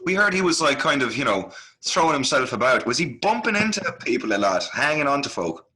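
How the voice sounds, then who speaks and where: A man playing a tabletop game asks pointed, playful questions in character. His voice is very bright and lively, moving widely in pitch. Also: fairly quick. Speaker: player.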